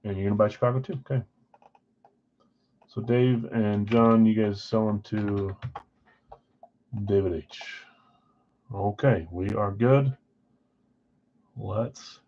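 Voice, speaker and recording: With a lowish, mellow voice, this yawning card break streamer speaks slowly and pauses often, on a muffled recording. He rambles casually, addressing viewers directly and announcing the team spots they've got.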